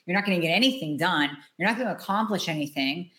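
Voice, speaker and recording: A woman hosting a health podcast, speaking bluntly and emphatically, with casual swearing and long rapid lists. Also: fairly low pitch, lively intonation, bright, forceful tone. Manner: runs quickly through long lists. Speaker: hormone health practitioner and podcast host. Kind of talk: solo podcast monologue giving health advice.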